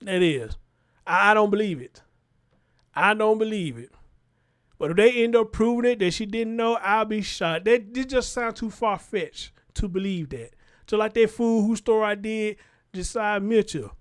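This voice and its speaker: Animated high-voiced man riffing to chat. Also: moderate pace. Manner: animated, talks straight to chat. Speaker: livestream show host. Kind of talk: casual livestream commentary.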